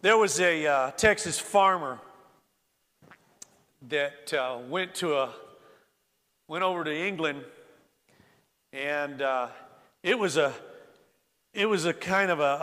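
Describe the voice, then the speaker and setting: A man's voice: a little high, unhurried, pauses often, sharp tone, long reverb tail. A middle-aged male pastor preaching a sermon in a church sanctuary, telling stories in a folksy way with many fillers and restarts.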